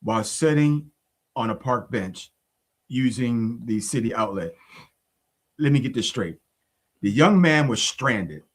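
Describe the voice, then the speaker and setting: A stern, no-nonsense judge, as a man voices him in a retold story. He talks deliberately, and his pitch rises and falls with disbelief. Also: lively intonation.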